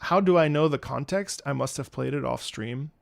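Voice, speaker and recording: This man, in his thirties, is both an opera singer and a streamer, and he jokes around with his live audience while fumbling greetings in foreign languages. His voice is gravelly and medium in pitch, at a normal speed.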